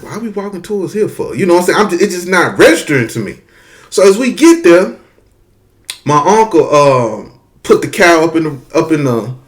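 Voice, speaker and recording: A man telling a story casually and with lots of profanity, talking straight to his audience. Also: fairly high pitch. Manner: animated, profane, addresses the audience as y'all.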